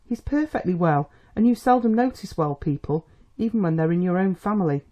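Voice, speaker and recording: A reader voicing a spirited young woman coaxing her father, sweetly teasing, with a lifted pitch. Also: expressive, a little fast, dark tone, natural voice.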